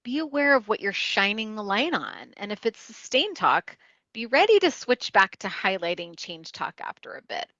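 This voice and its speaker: A woman, a wellness coach and trainer, calmly explaining counseling skills step by step in an instructional talk. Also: mid-range voice, moderate pace, no echo. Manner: calm, explanatory, teaching step by step. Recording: dry, slightly dull lo-fi sound.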